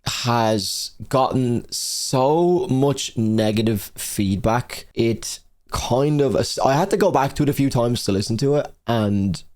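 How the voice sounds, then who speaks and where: A man's voice: mid-range voice, expressive, slow pace, a little mellow. A young man counting down his favorite albums in a casual, rambling way, full of fillers and swearing. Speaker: music reviewer.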